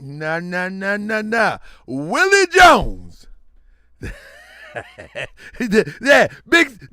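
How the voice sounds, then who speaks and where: Middle-aged guy on a livestream, high gravelly voice, keeps laughing and teasing chat. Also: no room sound, clean studio sound. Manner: loud, laughing often, teasing and mocking. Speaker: livestream host. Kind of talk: casual livestream commentary reading chat.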